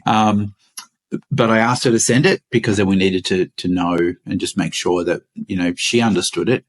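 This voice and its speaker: A man with an Australian accent, co-hosting a podcast and explaining things in an unhurried way, with frequent ums and restarts. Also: fairly low pitch. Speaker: podcast co-host. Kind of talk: casual podcast chat.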